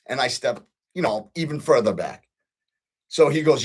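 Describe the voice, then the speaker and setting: A man's voice: a little high, very animated, a little fast, darkish tone, breathy edge. A middle-aged man hosting his own show, telling a story in a casual, earnest way with frequent ums and restarts. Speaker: podcast host.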